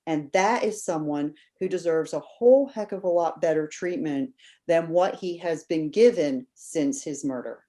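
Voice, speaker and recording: This woman's voice sits low and moves at normal speed as she guests on a podcast. Casual and animated, she tells a story and acts out quoted people's voices.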